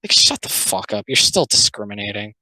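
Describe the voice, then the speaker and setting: A man's voice: lowish voice, very animated, brisk, pushed and bright, no room sound, low-quality recording. A young man doing a casual commentary video, rambling with lots of fillers and sounding exasperated.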